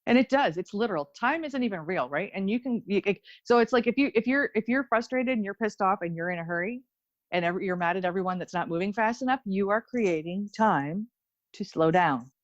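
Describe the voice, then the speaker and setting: A woman's voice: mid-range voice, lively intonation, fairly quick, no room sound, highs cut off. Blunt, laughing Ontario woman on a podcast. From Ontario, Canada. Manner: blunt, profane, laughs often. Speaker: guest, intuitive medium and Reiki teacher. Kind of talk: casual podcast conversation.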